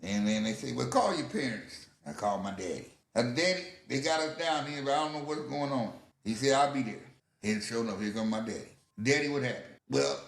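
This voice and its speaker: Animated older man telling stories, gravelly. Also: mid-range voice, brisk. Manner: acts out others' voices, laughs often, swears freely. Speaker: podcast guest telling stories. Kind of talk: casual storytelling. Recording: echoey room.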